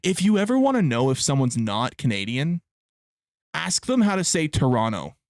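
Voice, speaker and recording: On a live stream, a young adult man rambles casually and swears, often breaking into laughter. His voice sits on the high side with big pitch swings and a moderate pace, recorded clean in a studio with no room sound.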